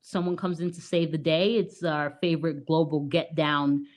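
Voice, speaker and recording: Low-voiced woman co-host, casual and chatty, retelling a movie plot with lots of fillers. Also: fairly even intonation, moderate pace. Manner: chatty, many "like" and "you know" fillers, laughs often. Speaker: podcast co-host. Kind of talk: casual film review.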